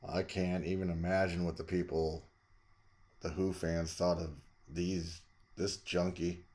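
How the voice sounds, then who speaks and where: A man's voice: low-pitched, little pitch movement, unhurried. Rambling middle-aged man raving about records. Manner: rambling, enthusiastic, with jumps to loud emphasis. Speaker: vlog host reviewing records. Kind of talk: casual record-collection chat.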